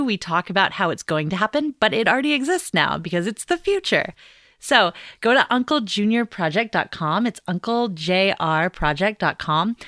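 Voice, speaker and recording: A woman hosting a podcast, reading a chatty, fast-paced intro and promo. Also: mid-range voice, fairly bright tone. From United States. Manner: chatty, upbeat, rushed. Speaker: podcast host.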